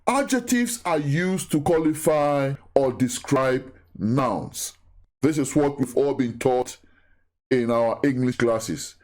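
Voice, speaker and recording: A man giving a recorded Bible teaching, who talks deliberately, repeats key phrases and asks his listeners questions. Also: a little high, a little mellow.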